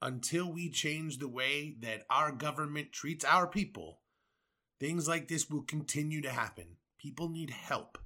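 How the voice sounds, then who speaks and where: Heated, high-voiced American man ranting. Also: animated, a little slow, bright, forceful tone. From United States. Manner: heated, profane, sarcastic asides. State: angry. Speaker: podcast host. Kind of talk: angry political rant.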